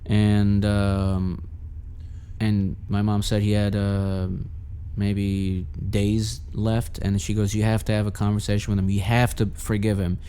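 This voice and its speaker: A man talks through a long personal story in a loose, rambling way, swearing often and restarting his sentences. His voice sits low and sounds smooth and clear. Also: level tone, unhurried, dark tone. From Los Angeles. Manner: profane, rambling, frequent restarts. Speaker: podcast guest. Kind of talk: casual storytelling.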